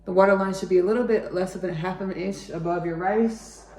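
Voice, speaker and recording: A woman's voice: fairly low pitch, steady tone, brisk, darkish tone, distant mic, slight background noise. A woman hosting a home cooking show, rambling casually and often calling her viewers "y'all". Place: home kitchen. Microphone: camera set up on the counter. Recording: echoey kitchen, faint clicks.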